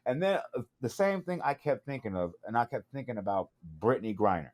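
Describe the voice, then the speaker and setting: Animated, joking male podcast co-host. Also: medium pitch, a little fast, few pauses. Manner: animated, rambling, laughs often, uses slang. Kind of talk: casual podcast chat.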